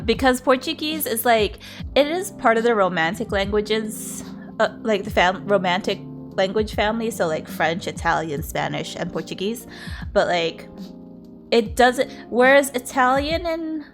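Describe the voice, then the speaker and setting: A woman streamer in casual livestream chat, chatty and laughing often. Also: mid-range voice.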